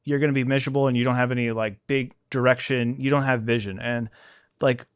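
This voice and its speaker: A man's voice: medium pitch, fast talker, smooth, dry recording, clean studio sound. A man hosting a casual podcast chat about his pressure washing business, talking candidly and acting out what other people said. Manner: candid, animated, acts out quoted people.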